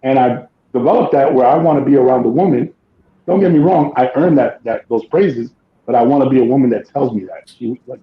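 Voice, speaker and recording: A man talks through a casual podcast chat in a blunt, emphatic way, swearing freely as he makes his points. His voice sits at an ordinary pitch for a man. The recording bounces around an echoey room and sounds a little dull. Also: brisk. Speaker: podcast co-host.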